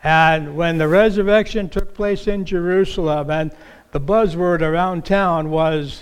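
An older man preaching a sermon as pastor in a church, slow and halting, with many fillers. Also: fairly high pitch, fairly even intonation, clear, resonant tone.

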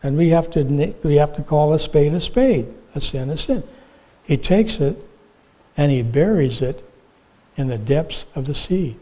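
A man preaching a sermon, telling illustrative stories and asking the congregation questions, with frequent "uh" pauses. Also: fairly high pitch, animated, dark tone, poor audio. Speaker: pastor.

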